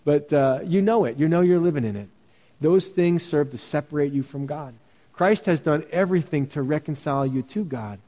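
An earnest male pastor preaches in a plain, conversational way and presses his points through repetition. His voice sits a little high for a man, with a mellow, warm tone. The long reverb of a church hall trails his words, and the recording sounds dull. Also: moderate pace. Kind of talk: sermon. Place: church sanctuary.

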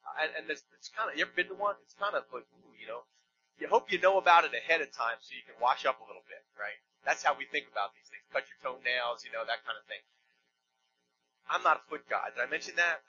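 A man's voice: fairly high pitch, bright, forceful tone, muffled recording, a little hiss or hum. A man preaching a sermon in a church, conversational and emphatic, with joking asides. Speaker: pastor.

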